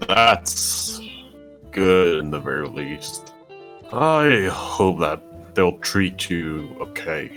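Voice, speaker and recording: A man with a low but very animated voice reads game dialogue aloud with friends over voice chat. His line reading is brisk and friendly. Soft music plays underneath.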